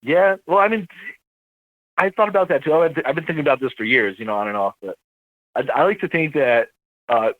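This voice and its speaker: A man, an army veteran, telling his story in a casual interview, rambling and halting as he corrects himself. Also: mid-range voice, no echo, narrow, tinny audio.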